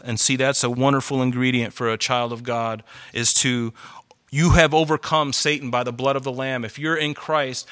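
A man's voice: mid-range voice, fairly even intonation, moderate pace, a bit bright, clear, resonant tone. A male pastor delivering a sermon to a congregation, conversational and worked up, driving his points home with emphatic repetition. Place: church hall with congregation.

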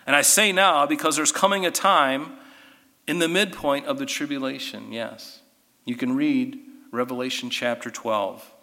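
A man teaching a Bible study class, animated and given to sarcastic asides. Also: medium pitch, moderate pace, creaky, in a large hall.

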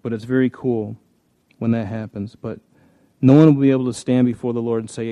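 A man's voice: mid-range voice, fairly even intonation, a little fast, no room sound, lo-fi sound. A man preaching a conversational sermon, telling stories in a folksy way with frequent restarts. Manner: folksy, storytelling, many restarts. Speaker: pastor.

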